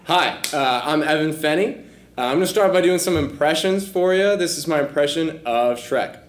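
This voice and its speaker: A man's voice: on the high side, normal speed, reverberant, slight background noise. A man auditioning in a comedy sketch, awkward and hesitant, breaking into silly voices.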